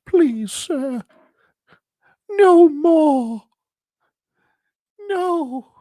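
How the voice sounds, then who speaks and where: A man voicing a talking wallet that whines and begs in a high, squeaky voice. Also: warm tone, no echo, clean studio sound, full character voice. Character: whiny pleading talking wallet, frantic, male.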